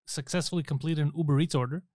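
Fast-talking animated man on a podcast. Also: fairly high pitch, dry recording, clean studio sound. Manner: animated storyteller, acts out voices in anecdotes, swears freely. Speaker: podcast co-host. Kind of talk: casual comedic podcast chat.

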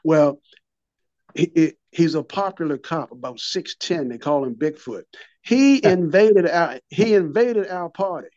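A man's voice: on the high side, animated, measured pace, darkish tone, no echo, lo-fi sound. A man in his fifties or older, telling his recovery story in an interview, a vivid storyteller who repeats and restarts his words and acts out what people said.

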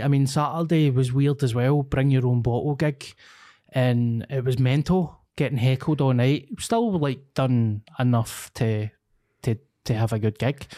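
A man's voice: medium pitch, mellow. A man with a Scottish accent chatting casually on a podcast, telling stories with lots of swearing and laughs. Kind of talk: casual chat.

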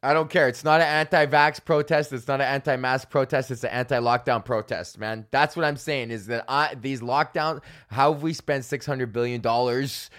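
A man hosting his own podcast alone, ranting in a profane, excitable way, jumping between loud outbursts and low mutters. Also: moderate pace, hardly any pauses. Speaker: podcast host. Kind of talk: solo comedic rant.

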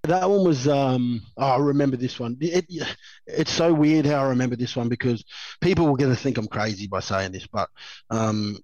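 A man's voice: mid-range voice, moderate pace, a little mellow, no room sound. Chatty Australian man, dry and muffled. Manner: rambling, chatty storyteller who laughs often, lots of "you know" and "um". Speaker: guest, former rugby league player. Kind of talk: relaxed anecdotal interview.

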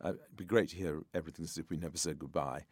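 Older man with a deep, dry voice. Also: fairly even intonation, very fast, slightly rough, dry recording. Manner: frank, reflective, anecdotal. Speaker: composer, interview guest. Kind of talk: conversational interview.

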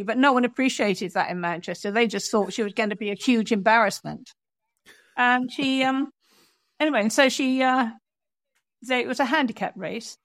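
A woman author telling an animated story in an interview, acting out the people she quotes. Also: mid-range voice, no room sound. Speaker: author and guest.

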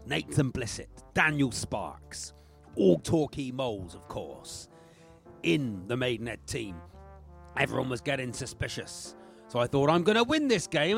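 A man's voice: mid-range voice, gravelly, a bit bright. A man playing a boastful, chirpy football manager posing as a secret agent, with a put-on Cockney accent and lots of slang.

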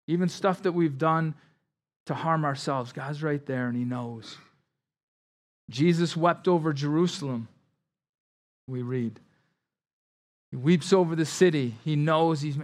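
Guy pastor preaching casual, kinda high voice, says "like" and "right?" a lot. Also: measured pace, long pauses. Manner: conversational preaching, with frequent "like" and "right?" asides and repeated words; drops his voice low and quiet on somber lines, rises louder on emphasis. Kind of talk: sermon.

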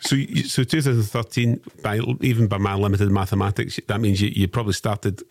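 A Scottish man from Renfrewshire hosting a podcast interview in a casual, quick and halting way, repeating words as he talks. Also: fairly low pitch, fairly even intonation, a little mellow, dry recording, clean studio sound. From Scotland, Renfrewshire. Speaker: podcast host.

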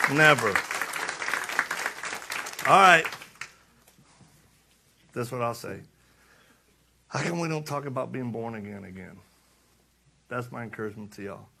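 A man's voice: mid-range voice, creaky, slight background noise. A middle-aged man preaching a passionate sermon, repeating lines for emphasis and acting out stories with laughter. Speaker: speaker and preacher. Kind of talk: impassioned sermon with storytelling.

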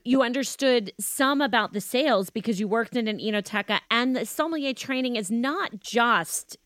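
A woman's voice: on the high side, moderate pace, a bit bright, dry recording. An American woman with an American accent, hosting a podcast interview in a chatty, teasing, emphatic way. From United States. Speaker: podcast host. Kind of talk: casual interview chat.

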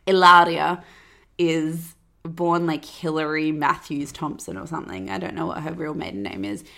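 A woman's voice: low-pitched, normal speed, creaky, sharp tone. A woman hosting a podcast, chatting sarcastically and filling her talk with "like". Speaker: podcast host. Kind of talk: casual gossip chat.

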